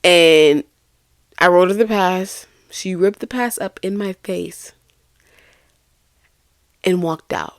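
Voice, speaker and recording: A woman's voice: fairly low pitch, takes it slowly, pauses often, no room sound, studio quality. A young woman hosting a faith-based podcast, telling a personal story in an earnest, confessional way, often restarting her sentences. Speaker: podcast host.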